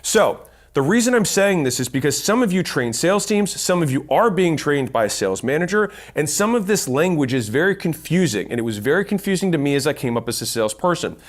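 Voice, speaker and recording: A man's voice: on the high side, very animated, fairly quick, few pauses. Blunt, emphatic man teaching sales. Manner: blunt, emphatic, swears casually; structured, counts points off. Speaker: business speaker teaching sales. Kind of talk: instructional monologue.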